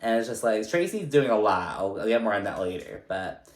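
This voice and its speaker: A man's voice: lowish voice, very animated, a little fast. A man hosting a casual recap vlog, chatty and loose, full of fillers and casual swearing. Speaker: recap vlogger. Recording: echoey room.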